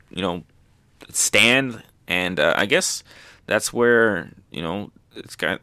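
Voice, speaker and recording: A man hosting a casual manga recap, talking excitedly with lots of fillers and little bursts of hype. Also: fairly low pitch, smooth, no room sound. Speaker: manga review host.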